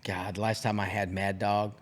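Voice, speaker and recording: A man's voice: fairly low pitch, flat delivery, normal speed. A man in his forties co-hosting a casual podcast, making laid-back, dry remarks and reading things out. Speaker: podcast co-host.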